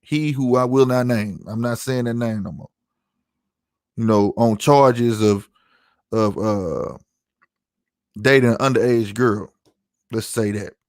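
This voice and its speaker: A man's voice: mid-range voice, slow, long pauses, a little mellow, dry recording, studio quality. Heated, profane man ranting on his podcast. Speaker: podcast host. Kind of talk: heated solo livestream rant.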